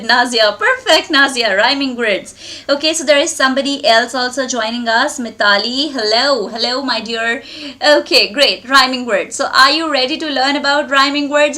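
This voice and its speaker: Cheerful high-voiced Indian woman teaching. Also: pushed and bright. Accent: Indian English. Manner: cheerful, encouraging, praises students often. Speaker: online English teacher. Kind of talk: live online class for children.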